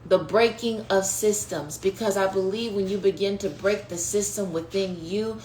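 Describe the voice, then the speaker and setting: A woman preaching a prophetic teaching on her podcast, in a passionate, conversational way that swings from hushed to loud, calling listeners "baby" and "y'all". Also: medium pitch, normal speed. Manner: passionate, conversational preaching with sudden rises and drops. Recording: echoey room with faint noise.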